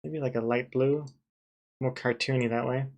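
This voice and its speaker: A man streaming live as he works on a comic, talking casually with viewers and second-guessing his choices out loud. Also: mid-range voice, steady tone, normal speed, creaky, slight background noise. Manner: thinks aloud, second-guesses himself, chatty with viewers. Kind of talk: casual live-stream commentary while drawing.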